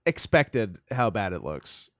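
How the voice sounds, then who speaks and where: A man's voice: on the low side, very animated, slow pace, fairly bright tone, no echo, clean studio sound. A man trading sarcastic jokes during a casual movie commentary, sometimes mock-lecturing the actors on screen.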